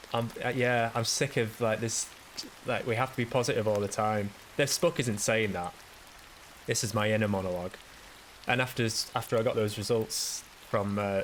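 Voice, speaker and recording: A man's voice: lowish voice, a bit bright, slight background noise, low-quality recording. A man hosting a solo podcast, rambling through a casual monologue in a self-deprecating, sweary way. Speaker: podcast host.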